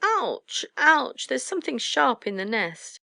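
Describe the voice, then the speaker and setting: A woman voicing squabbling little owlets with squeaky, whining voices. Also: sing-song, takes it slowly, vocal fry, pushed and bright, no echo, clean studio sound, heavily acted. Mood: yelping.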